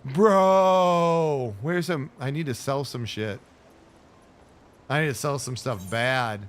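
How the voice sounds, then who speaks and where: A man streaming a game, giving excitable, jokey running commentary in casual chat. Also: mid-range voice, slow.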